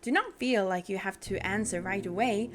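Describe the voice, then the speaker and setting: A woman voicing a gentle older male tea-shop keeper, reading game dialogue aloud in a polite, formal, soothing way. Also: medium pitch, moderate pace, slight background noise, natural voice. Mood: gentle persuasive.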